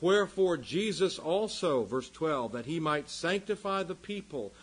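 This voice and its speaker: Husky male pastor, lively pitch swings, fiery sermon style. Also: a little slow, poor audio. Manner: impassioned, swings from loud emphasis to quiet. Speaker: preacher.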